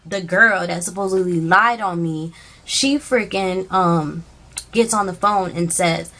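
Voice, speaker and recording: A woman's voice: fairly low pitch, measured pace. A woman telling a personal story in a casual storytime vlog, acting out the dialogue as she goes. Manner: animated retelling with quoted dialogue.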